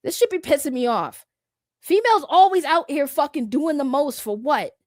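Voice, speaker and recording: A young woman delivers a fired-up commentary rant, blunt and full of slang and cursing. Her voice sits high. The sound is dry and close, with no room around it. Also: lively intonation, moderate pace, no echo. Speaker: commentary YouTuber.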